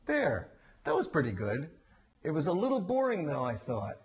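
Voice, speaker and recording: A man's voice: a little high, huge pitch swings, moderate pace. A man teaching musical improvisation, patiently explaining and demonstrating by singing syllables.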